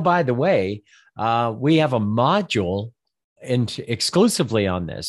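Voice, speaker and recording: A man's voice: medium pitch, dry recording, studio quality. An older man coaching financial advisors in a rambling instructional talk, often repeating words and acting out the listener's objections.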